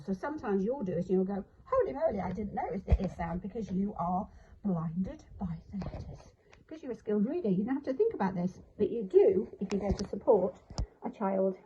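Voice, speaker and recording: A woman's voice: medium pitch, animated, normal speed, dark tone, lo-fi sound, slight background noise. A woman explaining a spelling routine in a chatty, self-deprecating way, sounding out word parts as she goes. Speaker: literacy teacher. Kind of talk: instructional talk to camera.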